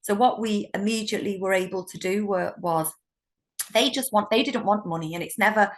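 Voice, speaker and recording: A middle-aged woman with a British accent, a solicitor telling stories in an interview, animated and laughing often. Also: medium pitch, a little fast. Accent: British English. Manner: warm, animated storytelling with laughs. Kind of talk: conversational interview.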